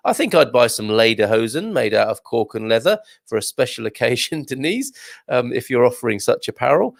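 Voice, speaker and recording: A man's voice: mid-range voice, very animated, a little fast, vocal fry, no echo. A man hosting a casual live show, reading out viewer comments and chatting back in a jokey way with lots of fillers and restarts. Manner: reads viewer comments aloud.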